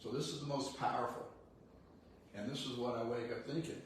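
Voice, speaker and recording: A man's voice: mid-range voice, fairly even intonation, brisk. Older man speaking far off in an echoey room. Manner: blunt, folksy, frequently laughing. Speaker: real estate CEO giving a talk. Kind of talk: motivational talk. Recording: echoey room, distant mic, faint noise.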